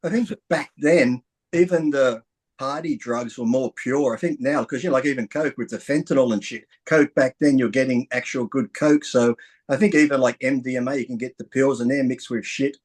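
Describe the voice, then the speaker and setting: A man chatting casually on a podcast, relaxed and joking. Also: medium pitch, normal speed. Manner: relaxed, joking, laughs easily.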